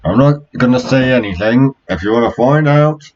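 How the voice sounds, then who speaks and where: A man's voice: mid-range voice, lively intonation, moderate pace, darkish tone. A man reading a visual novel aloud and joking about his own character voices, on a dull lo-fi recording. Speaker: game player. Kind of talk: playthrough commentary.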